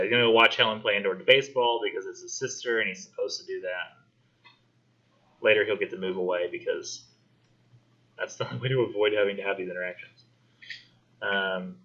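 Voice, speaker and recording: A man teaching a college English class, talking casually and acting out characters in quick voices. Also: lowish voice, bright, forceful tone, muffled recording. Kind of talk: classroom discussion lecture.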